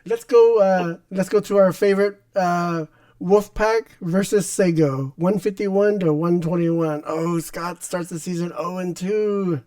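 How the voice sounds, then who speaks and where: A man's voice: high voice, measured pace, mellow. A man co-hosting a casual fantasy league chat, easygoing and laughing as he runs through results.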